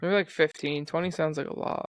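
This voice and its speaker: A man's voice: fairly high pitch, steady tone, fairly quick, no echo. Laid-back, swearing young male podcast host. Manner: laid-back, profane, loose storytelling. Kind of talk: casual chat.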